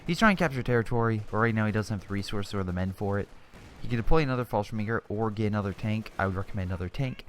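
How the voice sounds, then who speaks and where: A man's voice: lowish voice, very fast, slight background noise. A young man giving casual commentary over a strategy game replay, chatty and exclamatory, often restarting his sentences.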